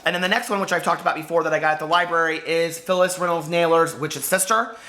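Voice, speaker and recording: A man chatting to camera as a book vlogger, gushing and full of fillers, hoarse from losing his voice. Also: on the high side, steady tone, fast, sharp tone. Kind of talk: casual chat to camera.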